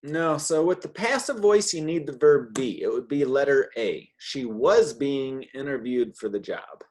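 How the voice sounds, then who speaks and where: A man's voice: medium pitch, animated, a little slow, a little mellow. A man teaching a one-on-one English grammar lesson, patient and often checking in with "okay?".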